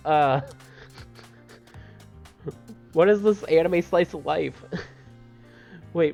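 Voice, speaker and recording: A man's voice: on the high side, takes it slowly, gravelly, long pauses. A man streaming a game live in casual chat, laughing often and reading game lines aloud. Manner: excitable, loud greetings. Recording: slightly dull live-stream audio with faint music.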